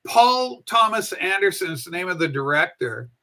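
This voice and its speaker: A woman's voice: fairly low pitch, sing-song, moderate pace, pushed and bright. A woman in her seventies hosting a livestream show, chatting in a rambling, folksy way and swearing casually.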